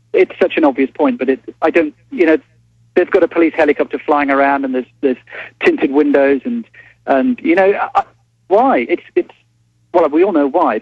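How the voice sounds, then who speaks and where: A London-accented man calls in as a reporter, thinking aloud in halting, restarting phrases. His voice is husky, a touch high and very lively in pitch. The dull, lo-fi phone line carries it. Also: dry recording. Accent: London English. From England. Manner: halting, reflective, many restarts. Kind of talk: phone-in interview.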